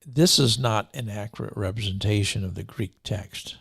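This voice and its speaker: Gravelly husky man reading scripture. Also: fairly low pitch, fairly bright tone, dry recording, studio quality. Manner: deliberate, reads passages slowly and repeats key lines. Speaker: show host and preacher.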